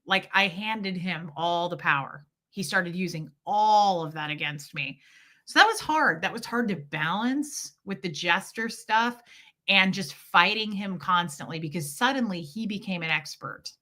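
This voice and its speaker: A woman's voice: fairly low pitch, lively intonation, unhurried, pushed and bright. A woman hosting a casual livestream chat, talking candidly and telling a personal story with quoted voices. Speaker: livestream host. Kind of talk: casual chat with live viewers.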